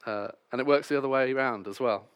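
A man's voice: medium pitch, fast talker, fairly bright tone, clean tone. A man preaching a sermon, reading scripture passages and then explaining them with wry, self-deprecating asides.

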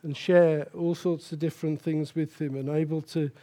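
A man's voice: fairly high pitch, flat delivery, moderate pace, warm tone. An older man preaching a sermon as pastor, emphatic and repeating key phrases for stress.

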